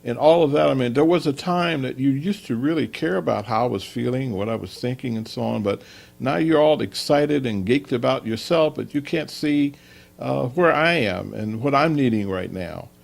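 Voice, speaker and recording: A man's voice: medium pitch, moderate pace, creaky. A man putting on a stressed, grumbling husband. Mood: defensive, aggrieved. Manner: defensive, complaining. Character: stressed, irritable husband after a bad workday.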